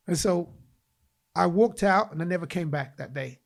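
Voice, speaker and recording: A man from England, guest on a podcast interview, animatedly tells a personal story and acts out the voices he quotes. His voice is fairly high and fairly quick, with vocal fry.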